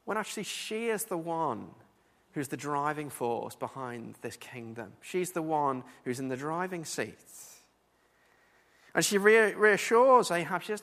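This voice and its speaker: A man preaching a sermon, earnest and animated, often repeating words as he builds his point. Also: fairly high pitch, unhurried, in a large hall.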